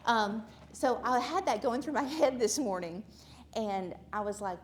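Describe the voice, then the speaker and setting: A woman from Alabama with a Southern accent, speaking at a church gathering and telling a personal story in a chatty, animated way while asking the audience questions. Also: fairly high pitch, a little slow, slight background noise. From Alabama, USA. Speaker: conference speaker. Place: church hall with a live audience.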